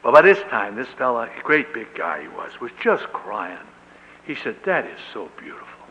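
An older man, a pastor, telling an earnest and animated story in a sermon, with emotional peaks. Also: mid-range voice, moderate pace, a little hiss or hum. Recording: echoey hall on dull lo-fi tape.

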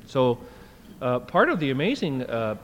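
A man in his fifties preaching in a loose, conversational way, stopping to restart his sentences as he thinks aloud. His voice sits at an ordinary pitch for a man. A long reverb trails each phrase, with faint ambient noise under it. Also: sing-song, a little slow. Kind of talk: sermon. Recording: long reverb from a large hall.

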